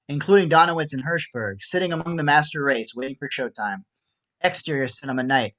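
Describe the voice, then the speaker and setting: A man's voice: fairly high pitch, a bit bright. Man reading stage directions, a bit dull. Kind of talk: script reading narration.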